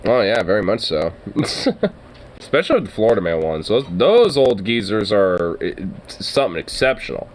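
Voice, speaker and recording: A man's voice: on the low side, very animated, normal speed, slight background noise, rough recording. A young adult man hosting a podcast, talking casually, rambling with lots of fillers, cursing and laughing. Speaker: podcast host. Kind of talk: casual solo commentary.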